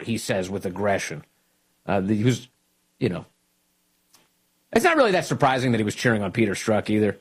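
A man's voice: on the low side, brisk, pauses often, breathy edge. A man hosting political talk radio, mocking and combative in his commentary. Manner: mocking, combative, animated delivery. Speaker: radio host.

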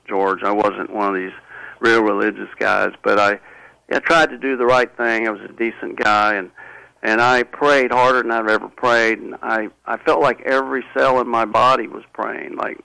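Creaky-voiced man telling his story. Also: lowish voice, fairly even intonation, pushed and bright, dry recording, low-quality recording. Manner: halting and earnest, many restarts and fillers. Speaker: interview guest. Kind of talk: personal storytelling in conversation.

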